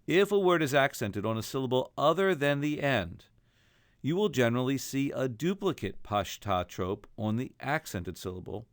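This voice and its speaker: A man's voice: mid-range voice, dry recording, studio quality. A man teaching a recorded lesson on chanting Torah trope, explaining each mark and then singing the examples.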